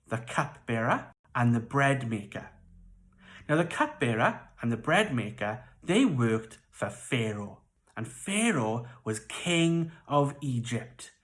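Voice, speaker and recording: A children's church leader with a Welsh accent, telling a Bible story to kids in a playful, expressive way. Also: medium pitch.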